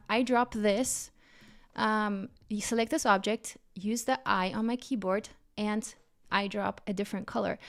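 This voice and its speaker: A woman hosting a live design tutorial, bubbly and enthusiastic, a bit out of breath from excitement. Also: fairly high pitch. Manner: bubbly and enthusiastic, frequent exclamations. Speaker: livestream design instructor.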